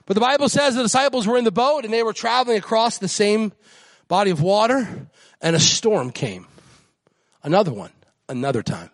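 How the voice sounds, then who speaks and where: A man preaching a sermon as guest pastor, climbing to excited high peaks and dropping to soft near-whispers. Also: normal speed, dry recording.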